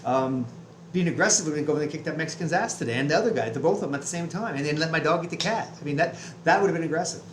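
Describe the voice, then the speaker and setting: A man's voice: on the high side, expressive, rapid-fire, roomy sound, slight background noise, poor audio. A man telling a heated, profane story about his day in a casual vlog rant, full of restarts. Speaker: vlogger. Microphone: webcam.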